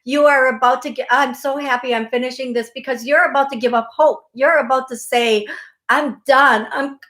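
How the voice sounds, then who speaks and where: Effusive psychic host, high voice. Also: female voice, steady tone, fairly quick, a bit bright. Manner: effusive, emphatic, repeats phrases. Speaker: psychic medium radio show host. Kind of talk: call-in psychic reading.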